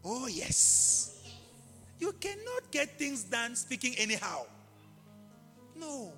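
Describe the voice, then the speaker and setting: A man preaching a live sermon in an impassioned way, repeating key phrases and bursting into shouts. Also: very high-pitched, big pitch swings, slow, long pauses. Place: large church hall. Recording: live hall reverb with faint music.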